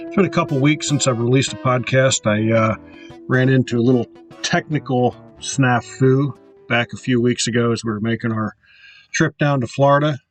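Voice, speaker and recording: A man hosting his podcast, talking through a reflective solo monologue with frequent pauses and fillers. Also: medium pitch, faint music behind, poor audio. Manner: reflective, halting with many fillers. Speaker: podcast host.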